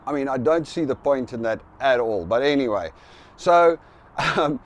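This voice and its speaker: A man's voice: medium pitch, expressive, moderate pace. A middle-aged South African man with a South African accent, casually recounting a story to camera and acting out both sides of an argument. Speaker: vlogger.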